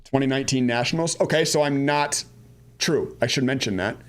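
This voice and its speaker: A man's voice: mid-range voice, a little fast. A man in his thirties from the Washington DC area, chatting casually on a trading live stream, rambling, answering viewer chat and laughing at himself. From United States, Washington DC area. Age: 30s. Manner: laughs at himself, goes off on tangents.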